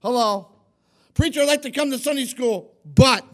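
A preacher mimicking a half-hearted churchgoer in a loud, mocking sing-song. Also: male voice, extremely high pitch, normal speed, voice pushed up. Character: excuse-making churchgoer, adult, half-hearted.

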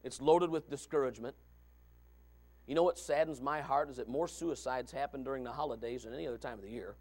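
A man preaching a sermon as pastor, folksy and repetitive, swinging from quiet talk to fervent shouting. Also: medium pitch, fast. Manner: folksy, repeats phrases.

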